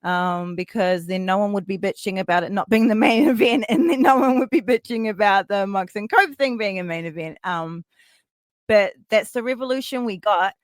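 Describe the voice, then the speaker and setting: A woman's voice: medium pitch, moderate pace, no room sound. Woman, podcast host, enthusiastic, chimes in a lot, dry close mic. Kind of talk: casual podcast chat. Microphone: podcast microphone.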